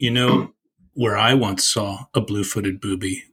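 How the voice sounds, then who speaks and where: A man, a birding tour leader, telling an old story in casual chat, animated and repeating himself with lots of filler phrases. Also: fairly low pitch, a little slow, husky.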